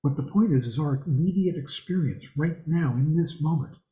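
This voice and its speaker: Speaking from a home room with a hanging thangka, an older man leads a dharma class by video call, talking in a loose, rambling way and quizzing his students. His voice sits a little high and sounds warm, at a moderate pace. The audio is roomy and a touch dull.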